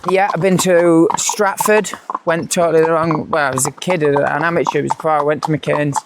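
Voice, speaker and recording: A man with a voice on the higher side tells stories in a loose, casual way while out on horseback. He slips into other people's voices as he goes. The outdoor recording carries clear background noise. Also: a little fast. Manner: lively, animated anecdotes, acts out other people's lines. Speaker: retired jockey, guest. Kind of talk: casual storytelling chat.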